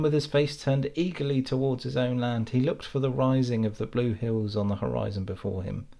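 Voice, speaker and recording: A man reading a fairytale aloud in a calm, measured way. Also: medium pitch, gravelly. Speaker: storyteller.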